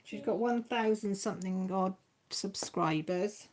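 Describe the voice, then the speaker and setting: A woman's voice: medium pitch, measured pace. A woman chatting casually to viewers by name on a crafting live stream at home, rambling from one thing to the next.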